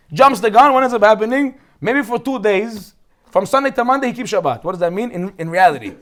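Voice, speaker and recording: A rabbi from Brooklyn with a Brooklyn accent, teaching a lively Torah class, joking and firing off rhetorical questions. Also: male voice, high-pitched, brisk. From Brooklyn, United States.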